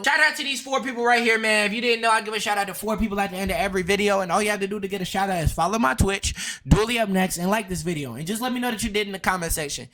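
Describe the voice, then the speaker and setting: A man's voice: sits high, pushed and bright. A man hosting a reaction video, talking in a blunt, incredulous, joking way. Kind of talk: casual reaction commentary.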